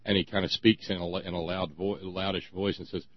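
A man co-hosting a talk show, talking in a sarcastic, ranting way with many halting restarts. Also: low-pitched, little pitch movement, dry recording, muffled recording. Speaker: podcast co-host. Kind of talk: casual opinion talk.

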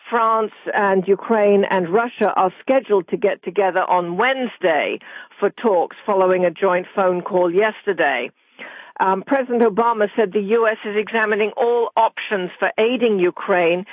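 A woman with a British accent giving a radio news report, measured and full of ums and uhs. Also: medium pitch, no echo. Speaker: news correspondent. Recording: muffled phone-line sound.

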